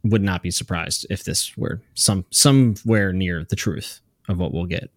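A man co-hosting a casual podcast, relaxed, reading out listener mail. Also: sits low, normal speed, dry recording, studio quality. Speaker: podcast co-host.

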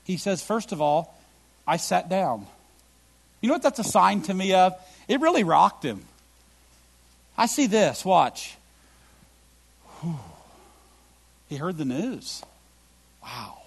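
A middle-aged man delivering a sermon as a pastor, his voice husky and slightly higher than most men's. He moves in big swings between loud emphatic bursts and quiet, low reflective lines, with a gravelly edge throughout. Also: big pitch swings, slow, pauses often.

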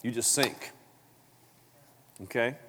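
A man preaching a sermon, telling the story with animated acted-out voices and big jumps in pitch, coughing now and then. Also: slow, slight background noise. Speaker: pastor. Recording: long hall reverb.

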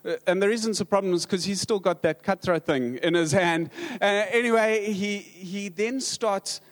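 A high-pitched male pastor from South Africa, judging by his accent, recounts funny stories while preaching. His speech is stop-and-start with many restarts, and the humor is dry.

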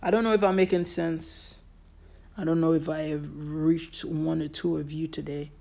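An earnest solo podcaster talking straight to listeners about a point they care about. The delivery is emphatic and repeats key phrases to drive them home, with a middle-pitched voice that sits between typical male and female ranges. Quoted remarks are briefly acted out along the way. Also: fairly even intonation, moderate pace, creaky, a little mellow. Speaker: podcast host. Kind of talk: solo motivational podcast monologue.

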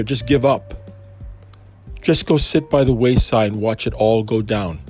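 A man's voice: medium pitch, normal speed, a little mellow, slightly rough, soft background music. A man giving an informal Christian talk, wandering into conversational asides. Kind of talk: informal preaching.

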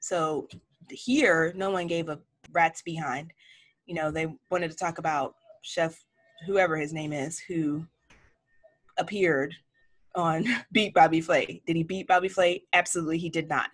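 Woman chef, 40, kinda low voice, frank and chatty, acts out quotes. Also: unhurried. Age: 40s. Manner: frank, animated storytelling with acted-out quotes. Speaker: chef and interview guest. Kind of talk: casual interview conversation. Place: home office lined with cookbooks.

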